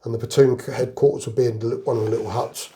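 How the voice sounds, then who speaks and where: A man's voice: medium pitch, steady tone, racing, warm tone, a little hiss or hum. An older man from England, a retired army veteran, telling rambling anecdotes in a casual interview. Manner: rambling anecdotal storyteller, chuckles through jokes.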